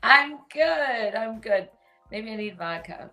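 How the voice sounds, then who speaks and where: A woman's voice: a little high, lively intonation, slow, bright, forceful tone, soft background music. A woman co-hosting a casual chat, self-deprecating and hesitant, often trailing off mid-sentence. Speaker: co-host.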